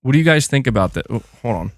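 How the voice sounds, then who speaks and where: At a racing pace, a young man with a medium-pitched voice streams games from his home room. His casual live chat turns into animated, exasperated rants with laughter, captured in clean studio audio without room sound.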